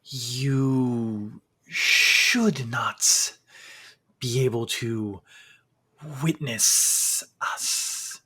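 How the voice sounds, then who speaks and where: A man's voice: medium pitch, breathy edge, exaggerated voice. A man voicing a whispery, cold supernatural stranger. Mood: cold warning. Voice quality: hushed, half-whispered. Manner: slow, deliberate, ominous phrasing. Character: secretive mottled-skinned supernatural man, cold and guarded.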